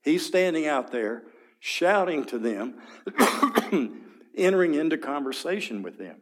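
A man teaching a Bible study in a conversational, vivid way, often clearing his throat and asking listeners to picture the scene. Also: a little high, very animated, measured pace.

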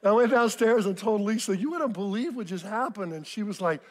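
A man in his fifties preaching a sermon, telling a family story in an animated, self-mocking way. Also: high-pitched, fairly quick, hardly any pauses. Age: 50s. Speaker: pastor.

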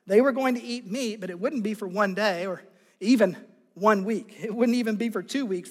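A man's voice: high-pitched, big-room sound. A man preaching a sermon as pastor, acting out scripture quotes with rising dramatic intensity.

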